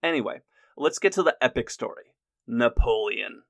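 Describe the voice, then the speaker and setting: A man narrating history from a script, lively with jokey asides. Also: mid-range voice, moderate pace, gravelly, no echo, clean studio sound.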